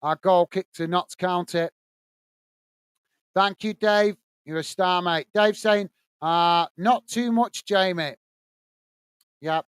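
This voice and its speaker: High-voiced man doing fan commentary. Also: steady tone, slow, long pauses, a bit bright, clear, resonant tone, no echo. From England. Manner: casual, reads viewer messages between play-by-play. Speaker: watch-along host. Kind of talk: live fan commentary and chat reading.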